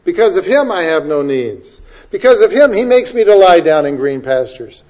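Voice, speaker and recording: High-voiced impassioned preacher man. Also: sing-song, normal speed, dull audio. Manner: impassioned, builds to loud emphatic declaiming. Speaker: pastor. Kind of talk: sermon with scripture reading.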